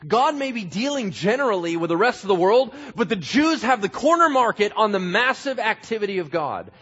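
A man's voice: high-pitched, animated, a little fast, few pauses, a bit bright, slightly rough, highs cut off. A man preaching a sermon, telling the story dramatically and acting out the voices of the crowd. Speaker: pastor.

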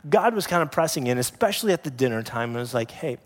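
Husky-voiced pastor preaching. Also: male voice, mid-range voice, fast talker. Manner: storytelling, animated, drops to hushed emphasis. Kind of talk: sermon.

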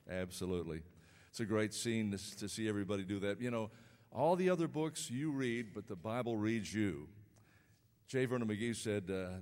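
A man's voice: lowish voice, darkish tone. A man giving a folksy talk to a church congregation, asking them questions as he speaks. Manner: folksy, asks the audience questions. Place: church sanctuary. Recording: echoey church hall.

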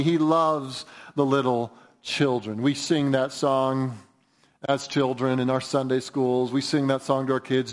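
A male pastor preaching an earnest, emphatic sermon in a church, moving between raised and hushed delivery. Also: medium pitch, unhurried. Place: church sanctuary. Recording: reverberant church hall.

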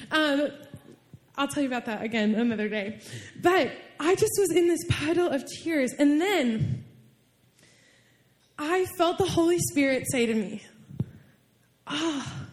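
A young woman with a high voice delivers a sermon in a loose, conversational way. She fills her speech with "like"s and tells personal stories with open emotion. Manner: chatty, many "like"s, emotional storytelling. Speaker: preacher.

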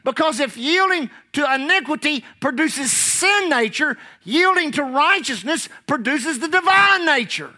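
A preacher with a bright, ringing tone and a voice that swings widely up and down. They read scripture and then break it down with rhetorical questions to the congregation. Key words get emphatic, drawn-out stress. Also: high voice, animated. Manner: reads scripture aloud, then explains it. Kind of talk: sermon.

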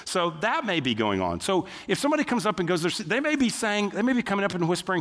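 A middle-aged man preaches from the pulpit, talking to the congregation in a chatty, animated way and slipping into voiced quotes of what people say. His pitch rises and falls a great deal. The sound carries the long reverb of a big church sanctuary. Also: fast, hardly any pauses. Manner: conversational, lively preaching with acted-out quotes. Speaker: pastor. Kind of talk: sermon.

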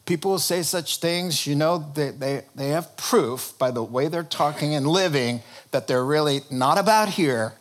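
A man preaching a sermon in an animated, humorous storytelling way, often restarting his phrases. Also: fairly high pitch, moderate pace, few pauses. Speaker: pastor.

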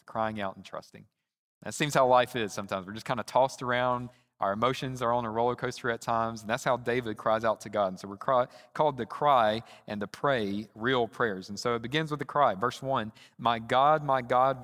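A man's voice: medium pitch, fairly bright tone. Earnest male preacher in a reverberant hall. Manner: earnest, slows down to stress key phrases. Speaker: pastor. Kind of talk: sermon. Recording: long reverb of a large hall.

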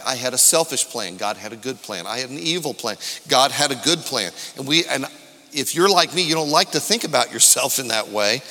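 A man preaching a sermon to his congregation, calling out questions to the room and drawing answers from them. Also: mid-range voice. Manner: rising from quiet reflection to loud calls to the congregation. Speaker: pastor. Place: church sanctuary. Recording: long hall reverb from a church.

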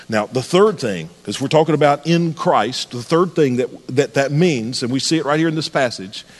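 A man's voice: medium pitch, long reverb tail. A man preaching a sermon as pastor, earnest, often repeating and restarting his words as he builds each point. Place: church sanctuary.

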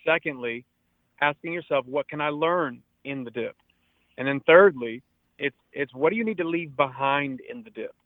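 A man's voice: mid-range voice, moderate pace, dry recording. A pastor in his forties speaking in an earnest, preaching way during a radio interview, often repeating words as he drives a point home. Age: 40s. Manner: earnest, exhortative, repeats words when stressing. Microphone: phone line. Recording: tinny dry phone line.

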